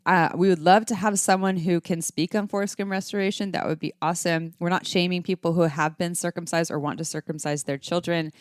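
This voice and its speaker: Chatty lower-voiced woman podcast host. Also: fairly even intonation, fairly quick, hardly any pauses, no echo. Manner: chatty, loose, trails off and restarts. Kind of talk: casual podcast chat.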